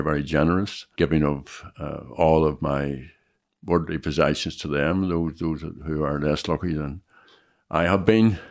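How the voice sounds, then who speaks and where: An older man, answering interview questions with wry, dry humour. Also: a bass voice. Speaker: interview guest. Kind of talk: casual interview.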